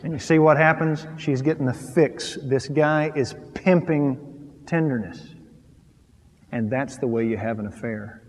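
A man preaching a sermon, moving from quiet, low asides to loud, rising emphasis and acting out little scenes. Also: measured pace, long reverb tail, slight background noise.

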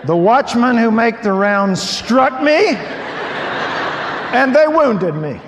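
A middle-aged man preaching a humorous sermon, acting out his stories in an animated, folksy way. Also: very high-pitched, takes it slowly, a crowd in the background, noisy background. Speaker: pastor. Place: large hall with audience. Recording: hall reverb with faint ambience.

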